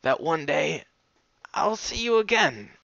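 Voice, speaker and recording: A man voicing a grieving young female pegasus pony in a fan fiction reading, speaking quietly with a halting, breaking voice. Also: on the high side, big pitch swings, creaky, dry recording, dull audio, voice pushed up, heavily acted. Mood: grieving, tearful. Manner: quiet, halting, broken speech. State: tearful, voice cracking.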